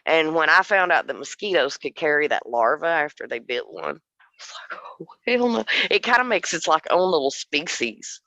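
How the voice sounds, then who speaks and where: A woman co-hosting a casual podcast chat, animated and laughing often, with restarts as she thinks aloud. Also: low voice, moderate pace, dry recording. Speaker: podcast co-host.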